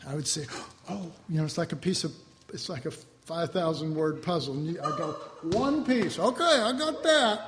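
A man preaching a sermon, teaching from the Bible in an emphatic, conversational way and acting out his own inner dialogue. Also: sits high. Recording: hall reverb with faint background noise.

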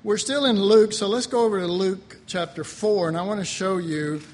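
Older man, pastor, folksy sermon storytelling, fairly high voice, long reverberant hall. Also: moderate pace, a little mellow. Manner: folksy storytelling with chuckles and throat-clearing.

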